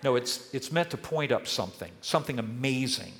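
An older man preaching a sermon as pastor, earnest and emphatic, leaning on key words with pauses. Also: mid-range voice, lively intonation, fairly bright tone. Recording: long hall reverb.

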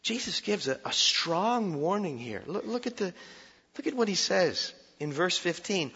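A bright, forceful male preacher with a slightly high voice, delivering a lively sermon full of jokes and sudden loud warnings. The sound is a little dull and carries a long hall echo from a large church. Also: moderate pace, slightly rough. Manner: animated, shifts from shouted warnings to quiet reflection, self-deprecating humor. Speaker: pastor.

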